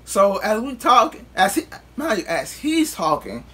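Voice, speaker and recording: A man's voice: high voice, big pitch swings, unhurried, fairly bright tone, breathy edge. A man vlogger telling a casual storytime in loose, profane street talk, acting out what others said.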